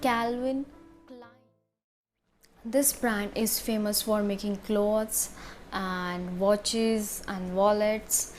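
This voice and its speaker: A woman explaining how to pronounce words, repeating each one slowly and carefully. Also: mid-range voice, flat delivery, darkish tone, soft background music. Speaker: pronunciation teacher. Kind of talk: instructional video explanation.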